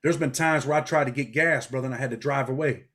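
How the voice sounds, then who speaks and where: Middle aged guy from new york, rapid street talk, telling it straight in an interview. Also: medium pitch. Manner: blunt, street-talking, animated storytelling. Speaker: interview guest, former prisoner.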